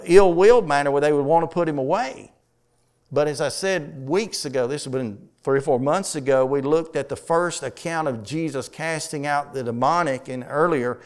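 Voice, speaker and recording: Teaching a Bible study, a preacher gives a conversational sermon and stops now and then to question his congregation. His slightly high voice is clear and smooth, and during scripture readings he slows and stresses every phrase.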